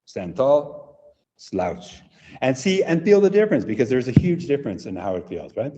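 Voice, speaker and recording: An energetic man coaching teachers in a live online session, demonstrating as he goes and checking in with "right?" again and again. His voice is dark and mellow. It comes through a dull, lo-fi line with a long hall reverb. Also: medium pitch, normal speed, faint music behind. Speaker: teacher trainer.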